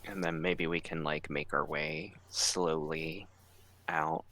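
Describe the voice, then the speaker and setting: A man with a very deep, bright-edged voice plays his character in a tabletop game. He talks slowly and gently, with halting fillers. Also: flat delivery. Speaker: player.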